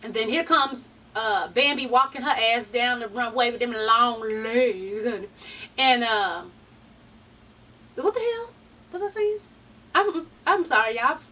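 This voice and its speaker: A woman's voice: on the high side, measured pace, sharp tone, distant mic, rough recording. A young woman giving a casual, profane reality TV recap, acting out the people she quotes. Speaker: TV recap vlogger.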